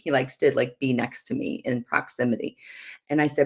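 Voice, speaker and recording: A middle-aged woman minister teaches through a personal story in a rumbling low, husky voice at a brisk clip. She's a lively storyteller who acts out the quotes and laughs often.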